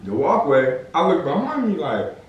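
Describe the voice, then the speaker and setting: A man's voice: on the high side, normal speed, distant mic, muffled recording, a little hiss or hum. A young man from Southern California, casually telling a story in slangy talk and acting out the quotes. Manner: animated, slangy, acts out quotes. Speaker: podcast host. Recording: echoey room, off-mic.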